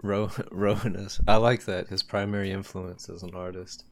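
A man's voice: sits low, flat delivery, moderate pace. A man co-hosting a podcast with laid-back, chuckling banter. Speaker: podcast co-host. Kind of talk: casual podcast chat.

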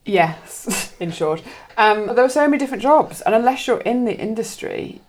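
A young woman guest chatting casually, telling an animated story and laughing often. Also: a little high, normal speed, a little hiss or hum. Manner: animated, laughing often, acts out quoted voices.

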